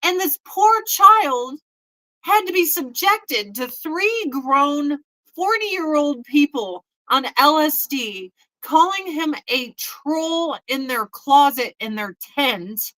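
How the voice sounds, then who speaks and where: Profane, bright-voiced woman in her forties. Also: high-pitched, animated, slow, poor audio. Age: 40s. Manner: blunt, profane, mocking mimicry. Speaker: host. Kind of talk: casual chat.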